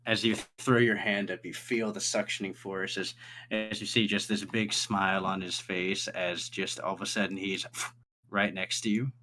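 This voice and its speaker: A man's voice: low voice, little pitch movement, normal speed, pushed and bright, slight background noise. A man narrating as game master of a tabletop game in an easygoing way.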